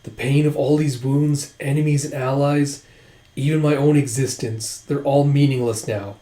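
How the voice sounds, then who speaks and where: A man's voice: mid-range voice, steady tone, moderate pace, warm tone, lightly acted. A man quoting a blunt, battle-worn young warrior while retelling a story in a roomy space. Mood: grim. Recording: roomy echo.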